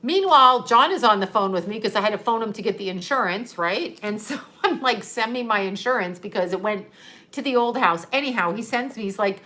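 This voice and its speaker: A woman's voice: mid-range voice, animated, fairly quick, sharp tone. A middle-aged woman telling a story in a casual, blunt and sarcastic way, swearing freely and laughing often. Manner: ranting, profane, laughs often.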